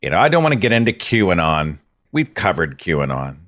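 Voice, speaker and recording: Animated low-voiced man hosting a podcast. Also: normal speed. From Oklahoma, USA. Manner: animated and impassioned, swings between dry asides and exasperated outbursts. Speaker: podcast host. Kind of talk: monologue.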